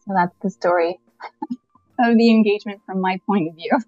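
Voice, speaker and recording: Woman guest from Canada telling an animated anecdote, laughing often; dull lo-fi recording. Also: medium pitch, unhurried, dry recording. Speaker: podcast guest. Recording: muffled lo-fi, faint music.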